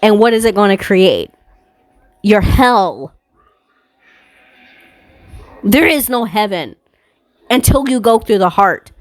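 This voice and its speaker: A woman doing a casual tarot card reading, reading slowly from a card book and then ranting with heavy swearing. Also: medium pitch, expressive, dry recording. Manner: profane, heated ranting with bursts of laughter; slow, deliberate reading aloud.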